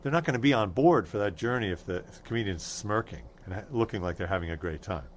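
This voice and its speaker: A man's voice: fairly low pitch, expressive, fast talker, a little hiss or hum. A man being interviewed as a stand-up comedian, talking in a thoughtful way with restarts and dry humor. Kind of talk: casual interview chat.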